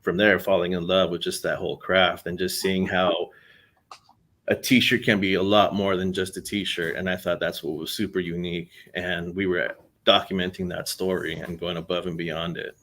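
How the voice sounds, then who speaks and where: A young man talking casually as a podcast guest, relaxed and rambling with many fillers. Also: low voice, moderate pace. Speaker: podcast guest, content creator. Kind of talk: casual interview talk.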